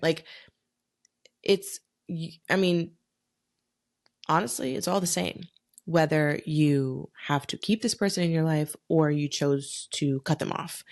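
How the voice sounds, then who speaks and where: A young adult woman hosting a solo podcast, telling a personal story in a frank, profane, animated way. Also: sits low, creaky. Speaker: podcast host.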